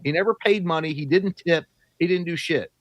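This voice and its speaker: A man's voice: on the high side, brisk, no echo. A man co-hosting a live show, telling profane stories in casual chat and acting out quoted lines. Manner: profane, animated storytelling with voiced quotes. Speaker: podcast co-host.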